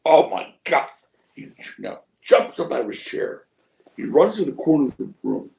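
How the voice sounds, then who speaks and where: A middle-aged wrestling promoter tells stories in a shoot interview, acting out what people said and swearing freely. His mid-range voice is creaky and moves at a normal speed, and the sound quality is lo-fi.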